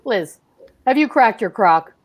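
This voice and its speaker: A woman's voice: a little high, expressive, measured pace, lo-fi sound. A woman playing a placating middle-aged husband in an old-time radio play. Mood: soothing. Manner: coaxing, placating. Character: husband George, soothing middle-aged man. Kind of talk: 1940s radio acting.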